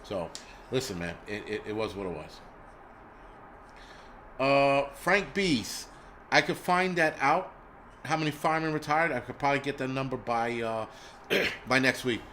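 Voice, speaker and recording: A man's voice: mid-range voice, unhurried, long pauses, sharp tone, slight background noise. A middle-aged man, hosting a live stream in casual chat, blunt and profane as he vents.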